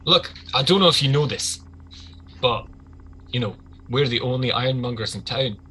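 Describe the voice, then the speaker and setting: A man voicing a blustering male gang boss who swings from shouting to mock politeness. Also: mid-range voice, moderate pace, slight background noise, close to an everyday voice, rough recording. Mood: oily menace.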